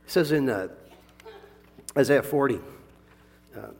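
Gravelly pastor preaching in a hall. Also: male voice, medium pitch, a little slow, faint music behind. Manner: animated, swings from soft asides to loud emphatic bursts, chuckles often. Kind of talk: sermon.

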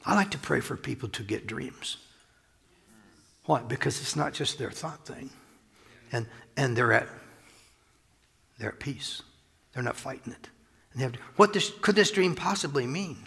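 A man's voice: mid-range voice, lively intonation, unhurried, gravelly, long pauses, pushed and bright, slightly rough. A man preaching a sermon as pastor, talking in a loose, conversational way with chuckles and asides, recorded in a church sanctuary. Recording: long reverb of a large hall.

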